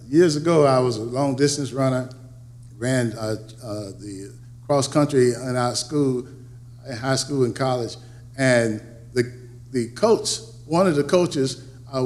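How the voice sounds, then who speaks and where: A man preaching a sermon, building to emphatic peaks and then dropping low and quiet, often repeating words and restarting phrases. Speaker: pastor.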